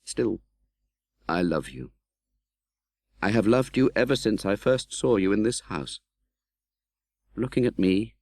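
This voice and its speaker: A man reading an audiobook in scripted narration, expressive and dramatic, voicing the young hero's pleas. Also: lowish voice, no echo.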